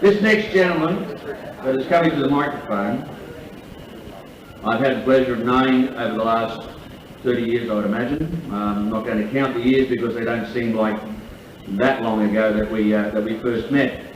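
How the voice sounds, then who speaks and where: Working as emcee at a lunch in a large function room, a man delivers jokes and a long, swear-heavy tall tale. He speaks at a normal speed and medium pitch, recorded from a distance in a dull, echoey live room with slight background noise.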